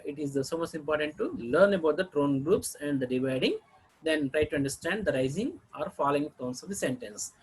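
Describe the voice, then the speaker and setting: A man teaching English intonation in a recorded lecture, demonstrating each example sentence twice and clearing his throat now and then. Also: on the high side, rough recording.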